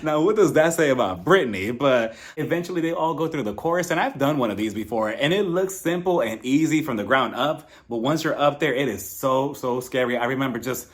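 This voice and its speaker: A man recapping reality TV with gossipy, animated comic asides. His pitch sits in the middle but swings widely as he talks. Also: a little fast, hardly any pauses. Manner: animated, gossipy, laughs at own jokes. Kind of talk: casual comedic recap.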